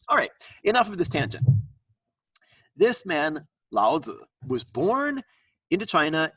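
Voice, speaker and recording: A male lecturer talks slowly and playfully, his pitch swooping up and down as he sings out examples. His voice has a slight husk. It is recorded dry, from a mic set some distance away. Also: husky, no room sound. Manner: animated, sings out tones, playful asides. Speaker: university lecturer.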